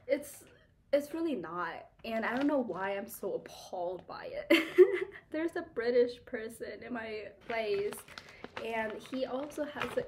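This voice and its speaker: A young woman from Kansas speaks in a mid-range voice, with a little hiss or hum on the recording. She's a beauty vlogger chatting bluntly while doing her makeup, her talk full of "like" and frequent laughs.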